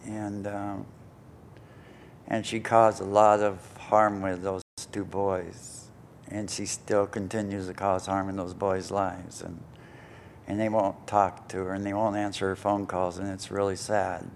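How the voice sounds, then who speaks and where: Low-voiced older man telling his story. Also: little pitch movement, unhurried, slight background noise. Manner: rambling, self-mocking, many fillers. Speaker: recovery meeting speaker. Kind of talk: personal story talk to an audience. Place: conference hall stage.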